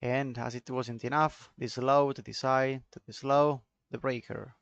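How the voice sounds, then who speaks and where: A man with an Italian accent talks through charts in a chatty, offhand way, answering viewers as he goes. His voice has a gravelly, fry-tinged edge. The sound is dry and a bit dull, as if from a muffled home mic. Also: medium pitch, fairly even intonation, a little slow, no echo. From Italy. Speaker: trading streamer. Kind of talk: casual live commentary on charts.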